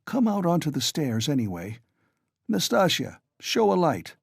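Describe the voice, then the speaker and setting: A man voicing a tipsy young man who blusters loudly and urgently. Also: fairly high pitch, huge pitch swings, a little slow, gravelly, husky, dry recording, clean studio sound, pitched above the performer's own voice, heavily acted. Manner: loud, blustering.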